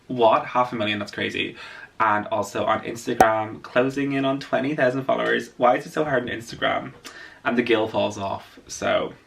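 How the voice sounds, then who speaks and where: A man's voice: mid-range voice, moderate pace, creaky, fairly bright tone, far from the mic. A man vlogger chatting casually about a film while doing his makeup, gushing and playful. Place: indoors at home, doing makeup on camera.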